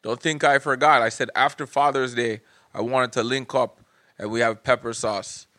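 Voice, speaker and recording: Laughing, animated man hosting a podcast. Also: mid-range voice, moderate pace, dry recording, studio quality. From Canada. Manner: laughs often, shouts out listeners. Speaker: podcast host. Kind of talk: casual podcast chat.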